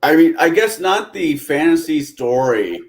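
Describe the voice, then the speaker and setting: A man's voice: a little high, big pitch swings, measured pace. A man chatting casually on a tabletop gaming podcast, talking in a rambling, reflective way. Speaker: podcast co-host.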